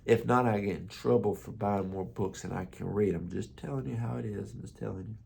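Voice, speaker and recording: A man's voice: on the low side, brisk, creaky, darkish tone, slightly rough. A man who is a pastor, giving a conversational motivational morning talk with stories and repeated words.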